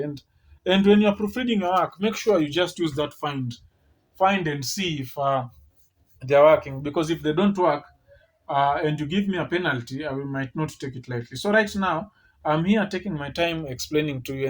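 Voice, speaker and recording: Male writing instructor, slightly high voice, patient step-by-step explainer. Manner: explanatory, repeats and restarts, tag questions. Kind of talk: screen-share tutorial.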